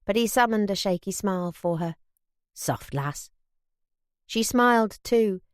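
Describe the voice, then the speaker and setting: A woman narrating a wartime novel in a measured, even storytelling manner. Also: mid-range voice, clean tone, no echo, clean studio sound. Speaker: audiobook narrator. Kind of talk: scripted narration.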